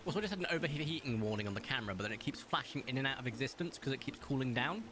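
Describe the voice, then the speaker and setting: A man's voice: mid-range voice, expressive, racing. Young British male streamer, casual and rambling, ordinary mid-range voice, faint music bed. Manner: rambling, with many fillers and restarts. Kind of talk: casual live-stream chat.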